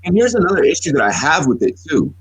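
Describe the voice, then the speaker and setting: Husky-voiced man telling profane stories. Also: a little high, big pitch swings, fast talker, dry recording, low-quality recording. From United States. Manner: profane, rambling storyteller with many restarts. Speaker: podcast co-host. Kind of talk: casual sports talk.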